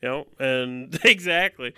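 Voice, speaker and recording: A man with a bright, crisp voice, recorded dry and close. He jokes casually as a podcast co-host and acts out little scenes. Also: medium pitch, a little slow, no echo. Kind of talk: casual chat about a video game.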